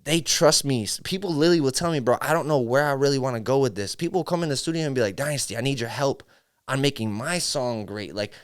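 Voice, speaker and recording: Guy from syracuse talking shop on a podcast, smooth clear voice, keeps saying bro, acts out the dialogue. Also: mid-range voice, quick pace. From Syracuse, New York. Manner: animated storyteller, acts out studio dialogue, says bro a lot. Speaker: music engineer, podcast guest. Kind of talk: casual interview chat.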